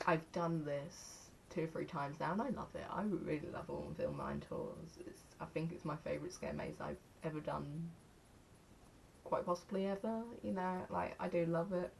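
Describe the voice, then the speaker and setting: A woman's voice: sits low, sing-song, normal speed, vocal fry, a little hiss or hum. A young English woman chatting casually to camera in a rambling, self-mocking way, counting aloud as she goes. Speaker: vlogger.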